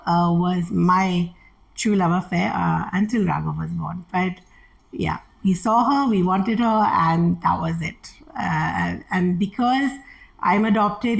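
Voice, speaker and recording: A woman's voice: mid-range voice, creaky, poor audio. A middle-aged woman telling candid family stories as an interview guest, acting out the dialogue she quotes. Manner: animated, acts out quoted dialogue. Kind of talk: candid personal storytelling.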